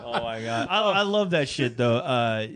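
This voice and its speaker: A man on a podcast telling a funny story in casual chat. He laughs a lot and swears freely. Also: moderate pace. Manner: animated, laughing, swears freely, jumps into high voices for quoted people. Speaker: podcast co-host.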